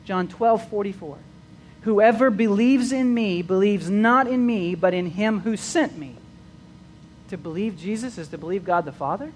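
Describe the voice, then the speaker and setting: A man's voice: high-pitched, moderate pace, a little hiss or hum, poor audio. A man preaching a sermon, repeating words as he restarts phrases and rising into emphatic bursts.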